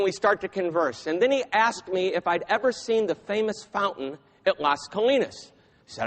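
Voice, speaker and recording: Animated man telling a story on stage. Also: high voice, moderate pace, long reverb tail. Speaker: keynote speaker. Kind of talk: storytelling keynote speech.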